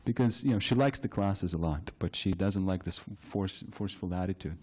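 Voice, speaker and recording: A man giving a temple scripture class, telling a story in a halting way, repeating words and laughing often. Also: sits low, darkish tone. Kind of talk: anecdotal temple class talk.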